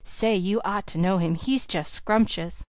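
A woman's voice: medium pitch, a little slow, no room sound, clean studio sound, lightly acted. A woman reading the part of an eager, boastful small country boy who chatters in folksy grammar.

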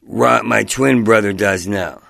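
Middle-aged New comic, gravelly and dry, stammers through rambling stories. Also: male voice, fairly low pitch, unhurried, fairly bright tone, dry recording. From New Jersey. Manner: heavy stutter, rambling and self-interrupting. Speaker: guest comedian. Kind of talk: casual interview chat.

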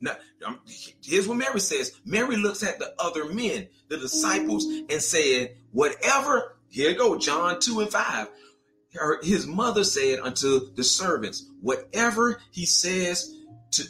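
A man's voice: very animated, a little slow, over music. A man preaching a sermon, calling out to his congregation and pushing them to answer back. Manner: preaching, calls out to the congregation, rising pitch.

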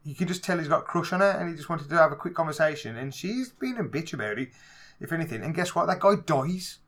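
A man with a Black Country accent, co-hosting a casual movie podcast, talking in a lively way, swearing freely and acting out scenes in raised voices. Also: on the high side, fast talker. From England. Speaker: podcast co-host. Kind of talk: casual movie review chat.

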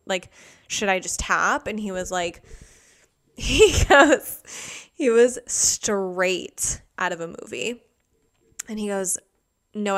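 A young woman vlogger casually telling a story, rambling and animated, full of fillers. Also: mid-range voice.

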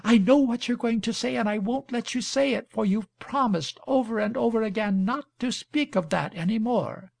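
A man's voice: extremely high pitch, moderate pace, creaky, few pauses, darkish tone, no room sound, voice pushed up, full character voice. A man reading aloud and voicing an eager, affectionate young woman who talks in a breathless, coaxing, playful way. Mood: pleading.

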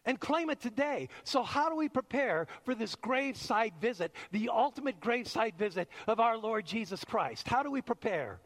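A man's voice: very high voice, very animated, moderate pace, few pauses, a bit bright. A man preaching a sermon as pastor, emphatic and acting out the voices he quotes. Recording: long reverb of a large hall.

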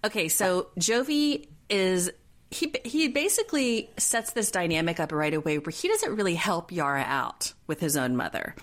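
Low-voiced chatty woman podcast host. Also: moderate pace. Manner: chatty, animated retelling with put-on quotes. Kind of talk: casual chat recapping a reality show.

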